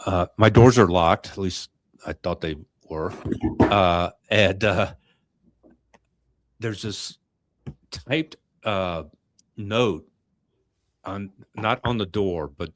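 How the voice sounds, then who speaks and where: A middle-aged man hosting a podcast, talking in a reflective, halting way with many restarts. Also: low voice, no echo. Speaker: podcast host. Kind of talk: casual chat.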